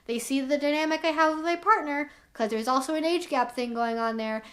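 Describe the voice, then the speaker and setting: A young woman talks to camera in an educator's vlog, her voice high and slightly quick. She explains herself candidly, leaning heavily on "like" as a filler.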